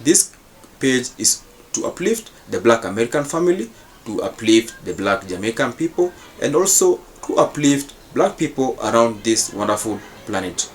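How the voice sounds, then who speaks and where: A man's voice: mid-range voice, big pitch swings, moderate pace, a little hiss or hum. A man hosting his channel, giving casual reaction commentary in formal, repetitive phrasing. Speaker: channel host.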